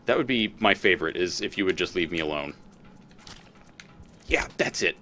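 Low-voiced man cursing at game creatures. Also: animated, moderate pace, sharp tone, a little hiss or hum. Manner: swears often, talks back at game creatures. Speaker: let's play host. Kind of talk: casual gameplay commentary.

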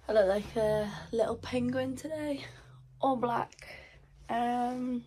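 A woman in her twenties chatting casually to a handheld camera, playful and quick to laugh. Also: on the high side, steady tone, darkish tone, breathy edge. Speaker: vlogger and footballer. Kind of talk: casual vlog chat. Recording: noisy handheld vlog audio.

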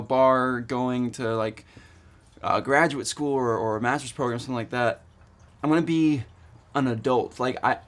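Eager, rambling young man vlogging. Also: mid-range voice. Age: 20s. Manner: rambling, eager, lots of fillers and restarts. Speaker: student vlogger. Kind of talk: casual vlog.

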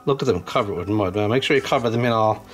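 A man's voice: fairly low pitch, fast talker, faint music behind. A man casually unboxing toys and reading a children's storybook aloud, chatting to young viewers as he goes. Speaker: channel host.

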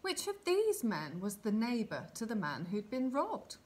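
A woman voicing Jesus as a calm, kindly male teacher in a read-aloud Bible storybook. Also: fairly high pitch, a little slow. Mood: gentle.

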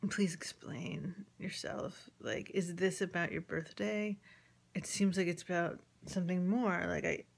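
A woman's voice: fairly low pitch, fairly even intonation, moderate pace, creaky. A woman casually telling a personal story, rambling with many ums, acting out the conversations she quotes and sometimes dropping to a near-whisper. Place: at home with chickens nearby.

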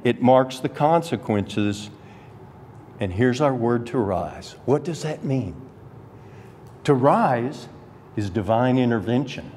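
A Bible teacher preaches in a church sanctuary, working through a Scripture passage point by point with deliberate expository delivery and emphatic rises. His voice is medium-pitched and somewhat dark. The recording carries a faint hiss or hum and the long reverb of a church hall.

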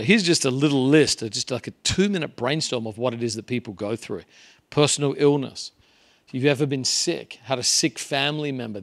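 A man's voice: a little high, creaky, fairly bright tone. A man preaching a sermon as a visiting pastor in a church, earnest and conversational. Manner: earnest, conversational, varying pace and volume. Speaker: guest preacher.

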